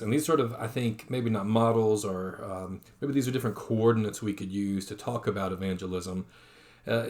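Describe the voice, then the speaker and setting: A man's voice: on the low side, a little mellow. A man giving an online lecture, reading quotations aloud with frequent fillers and restarts.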